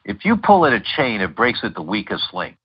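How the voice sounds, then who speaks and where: A man's voice: fairly low pitch, huge pitch swings, brisk, husky, dull audio. A middle-aged man speaking as a guest doctor in an interview, telling stories with many fillers and restarts. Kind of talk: interview over a call.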